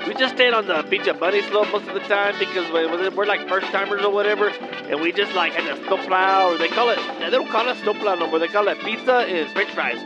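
A man's voice: sits high, a little fast, natural voice. A man playing a laid-back weatherman, rambling with Spanish slang. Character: laid-back Mexican-American male weatherman. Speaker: weather segment presenter. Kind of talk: comic character bit. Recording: lo-fi with loud music underneath.

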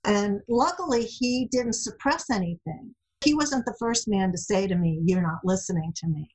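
A middle-aged woman, a guest in an interview, telling lively stories and acting out quoted lines. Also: medium pitch, husky, poor audio. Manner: animated storyteller, acts out quotes. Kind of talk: casual interview chat.

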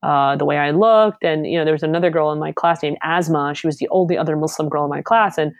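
A young woman from Alabama tells a personal story on an interview show with real animation, slipping into the voices of the people in it. Her voice sits on the low side for a woman, and the recording is close and dry. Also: quick pace, no echo. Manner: lively, acts out dialogue in her stories. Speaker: comedian guest.

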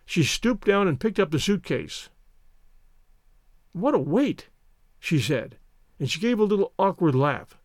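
A man's voice: high voice, animated, moderate pace, no echo, studio quality. A man reading a short story aloud as narrator, shifting his voice up for the characters' lines.

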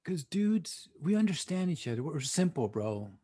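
A man's voice: a little high, very animated, moderate pace, warm tone, slightly rough. A man co-hosting a casual podcast, talking in laid-back slang and mixing in Spanish words. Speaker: podcast co-host. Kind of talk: casual chat.

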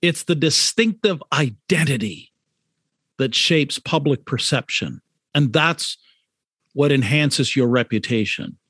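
A man's voice: medium pitch, lively intonation, slow pace, fairly bright tone, slightly rough, no room sound, studio quality. A man, an author and brand consultant, talking in a podcast interview, emphatic, repeating key points and asking rhetorical questions.

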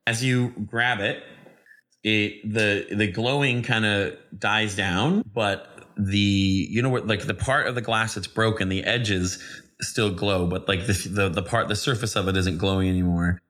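A man's voice: fairly low pitch, steady tone, a little slow, fairly bright tone. A young man running a tabletop game as game master, describing scenes in loose, rambling sentences full of restarts. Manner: rambling, many restarts and fillers.

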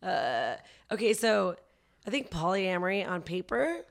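Gravelly-voiced woman comedian. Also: on the low side, sing-song, measured pace. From Canada. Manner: chatty, self-deprecating, laughs often. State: coughing, dry throat. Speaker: comedian guest. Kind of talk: casual podcast chat.

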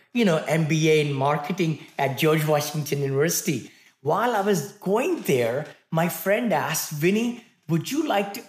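A man's voice: fairly high pitch, reverberant. A man in his sixties from India with an Indian accent, a cheerful guest who laughs often in casual chat.

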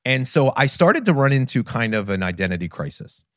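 A man's voice: medium pitch, brisk, no echo. Earnest man telling his story, dry sound. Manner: earnest, candid, animated retelling. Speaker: podcast host and business trainer. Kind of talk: personal storytelling monologue.

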